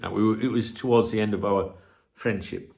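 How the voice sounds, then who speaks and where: A man's voice: lowish voice, a little fast, gravelly. A middle-aged man hosting a football channel, talking casually to his viewers in a cheeky, swear-filled rant. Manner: swears a lot, animated and cheeky. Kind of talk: casual ranting chat to viewers.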